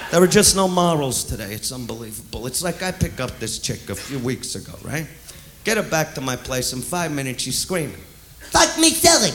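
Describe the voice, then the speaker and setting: A man doing crude stand-up comedy, brash and loud, shouting his punchlines. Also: sits high. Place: live comedy club. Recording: echoey club with loud crowd. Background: audience laughter and noise.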